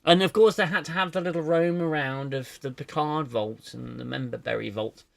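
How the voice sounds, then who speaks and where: A man's voice: fairly high pitch, moderate pace, gravelly. A man hosting a casual livestream chat about shows, rambling with laughs and restarts. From United Kingdom. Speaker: show reviewer and host.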